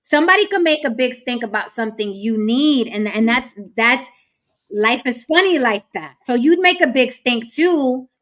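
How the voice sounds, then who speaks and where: A woman's voice: high voice, expressive, moderate pace, a bit bright. A woman hosting a casual panel discussion, stressing her points by repeating them.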